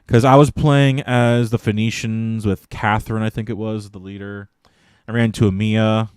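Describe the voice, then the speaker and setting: A man's voice: lowish voice, flat delivery, moderate pace, clean tone, no echo, studio quality. A male streamer chatting casually on a live stream and ranting animatedly, with plenty of swearing.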